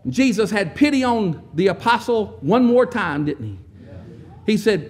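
A man preaching a sermon, telling the story with wry asides and often clearing his throat. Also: sits high, sing-song, measured pace.

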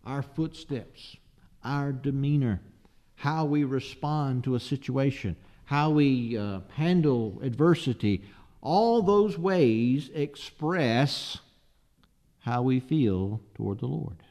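A man's voice: medium pitch, lively intonation, slow pace, darkish tone. A man preaching a sermon, emphatic and asking the listeners rhetorical questions.

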